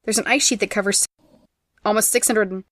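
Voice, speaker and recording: A woman hosting a podcast who reads out trivia facts in a brisk, teasing way and laughs often. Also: mid-range voice, fairly bright tone, dry recording, clean studio sound. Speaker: podcast host presenting trivia. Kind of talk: casual trivia chat, reading facts.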